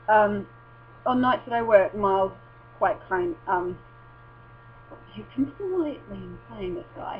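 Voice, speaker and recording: A woman chatting casually at home as a vlogger, rambling and swearing, often breaking off mid-sentence. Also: medium pitch. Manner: rambling, sweary and self-interrupting. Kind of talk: casual chat. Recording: dull lo-fi recording with mains hum.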